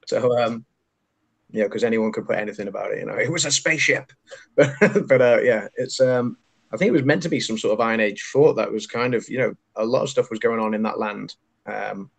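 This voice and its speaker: This chatty English podcast co-host swaps anecdotes in casual conversation, laughing a lot and perking up when telling a story. He speaks briskly in a fairly low, creaky voice.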